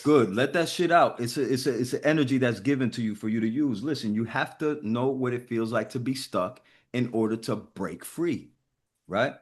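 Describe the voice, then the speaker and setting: A man's voice: mid-range voice, moderate pace. A man hosting a group video call, giving casual motivational talk in a profane, emphatic way.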